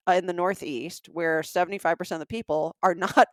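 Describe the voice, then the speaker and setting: A woman's voice: on the low side, fairly even intonation, fast talker, dry recording, studio quality. A woman in her fifties from the American South, co-hosting a podcast in a casual, chatty way with a Southern accent and frequent laughter. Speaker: podcast co-host. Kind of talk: casual chat.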